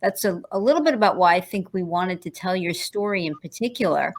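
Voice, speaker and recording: Woman podcast host, lower register, thoughtful and encouraging interviewer. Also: brisk. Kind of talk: casual interview conversation.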